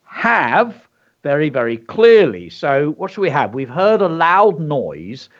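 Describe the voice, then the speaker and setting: Lively man teaching kids. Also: a little high, measured pace. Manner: enthusiastic, teacherly, carefully stresses words. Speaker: children's show co-host and teacher. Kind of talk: educational chat for children. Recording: dull lo-fi sound.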